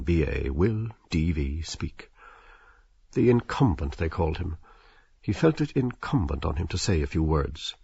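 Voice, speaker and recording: Deep husky male audiobook narrator. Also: dry recording, muffled recording. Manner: expressive, slips into characters' inner voices.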